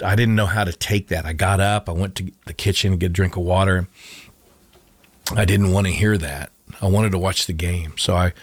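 A middle-aged man with a low voice recounts his testimony in an earnest, conversational way. He often restarts and repeats phrases for emphasis. The sound is dry and close. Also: no echo. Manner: earnest storytelling with restarts and repetition. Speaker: interview guest, former coach.

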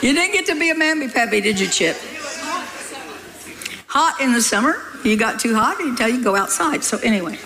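A woman preacher telling a story from the pulpit, lively and teasing, scolding with laughter. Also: fairly high pitch, brisk, pauses often, a crowd in the background, background noise. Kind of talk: sermon storytelling.

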